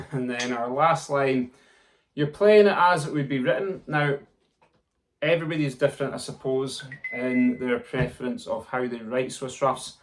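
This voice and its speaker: A man's voice: mid-range voice, unhurried. A man teaching snare drumming, counting aloud and vocalizing the rhythms. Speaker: drum tutor. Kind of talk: instructional lesson. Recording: loud background noise. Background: snare drum playing.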